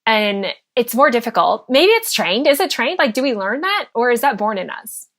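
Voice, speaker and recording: A woman's voice: fairly high pitch, very animated, moderate pace, a bit bright. Chatty reflective woman podcast host. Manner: chatty, reflective, many fillers like "like". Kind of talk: podcast interview.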